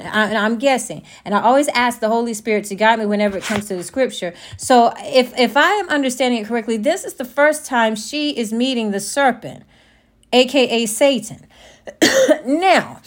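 A woman in her thirties giving an emphatic podcast sermon as host, often calling her listeners beloved. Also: sits high.

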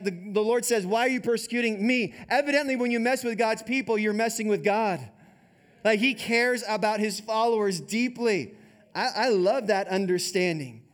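Male pastor, high voice, chatty animated sermon delivery. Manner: conversational, animated preaching with repeated "like".

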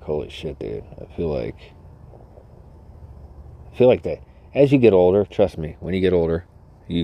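A man's voice: deep voice, warm tone. A man hosting a solo podcast who rambles, restarts himself and swears constantly. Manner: profane, rambling, self-interrupting. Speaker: podcast host.

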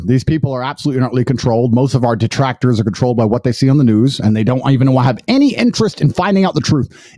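Boastful man with a lively, rising voice. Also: fairly high pitch, no echo. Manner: boastful and insistent, rising to loud emphasis. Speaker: livestream host. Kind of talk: emphatic live-stream monologue.

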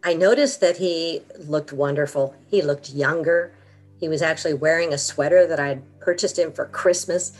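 A woman's voice: sits low, normal speed, faint music behind. A middle-aged woman telling her own story as an interview guest, with earnest, vivid storytelling.

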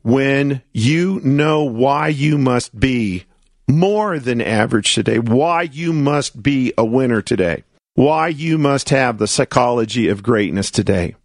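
A man with a gravelly, rough-edged voice hosts a motivational coaching radio show. He speaks emphatically, asks rhetorical questions and plays out his listeners' doubts in their own words. The sound is dry and close to the mic, with no room around it. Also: medium pitch, animated, slow, dry recording.

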